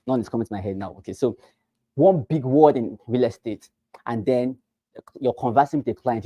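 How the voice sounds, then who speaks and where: A man teaching real estate agents, who talks fast and with emphasis and repeats phrases to drive them home. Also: mid-range voice, dark tone, no room sound. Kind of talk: teaching a class.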